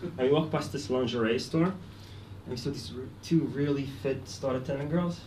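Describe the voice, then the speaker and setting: A young man from Poland, doing a deadpan, self-deprecating stand-up set on a comedy club stage. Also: medium pitch, moderate pace. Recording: echoey club, mic at a distance, loud noise. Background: audience laughter.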